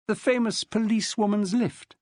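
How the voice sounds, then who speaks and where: A woman's voice: mid-range voice, fairly even intonation, normal speed, darkish tone, no room sound, studio quality, voice pushed up, natural voice. A man voicing a wry, amused grown woman, a wife and mother, in an audiobook.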